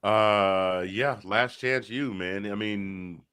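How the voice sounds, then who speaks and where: A man's voice: fairly low pitch, slow pace, bright, forceful tone, clean tone, no echo, studio quality. A man co-hosting a casual football talk show, making season predictions with plenty of restarts. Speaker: football podcast co-host. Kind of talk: casual sports chat.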